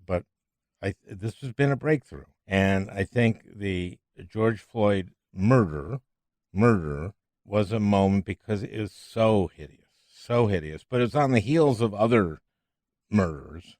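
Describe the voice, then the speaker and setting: A man hosting a podcast interview, chatting casually in a jokey, animated way with rambling asides. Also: fairly low pitch, a little slow, no room sound. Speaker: podcast host.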